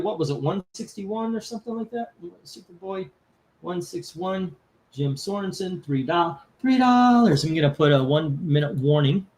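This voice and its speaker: Chatty man running a comic auction. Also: high-pitched. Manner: rambling, swears casually, laughs while telling stories. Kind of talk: casual live-stream chat.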